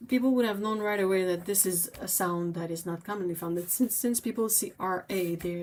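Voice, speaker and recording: A woman's voice: medium pitch, moderate pace, darkish tone. A woman whose first language is French, hosting a livestream in a rambling, playful chat, often giggling and poking fun at herself. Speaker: livestream host. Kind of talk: casual chat while painting.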